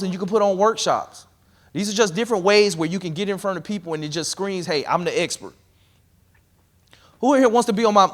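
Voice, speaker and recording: A man giving a live workshop talk on real estate investing to a room, energetic and conversational, coaching the audience directly. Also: high voice.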